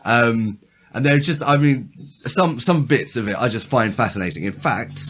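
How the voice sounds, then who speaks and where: A man's voice: mid-range voice, moderate pace, a bit bright. A man co-hosting a casual podcast chat who rambles with frequent restarts and a dry, amused, sarcastic tone. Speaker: podcast co-host.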